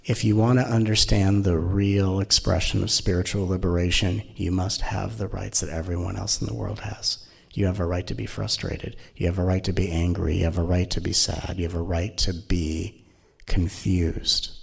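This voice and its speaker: A man's voice: deep voice, moderate pace, gravelly, breathy edge. A man giving a spiritual teaching talk in a playful, rhetorical way, with many questions to his listeners. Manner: playful and rhetorical, acting out mock inner voices.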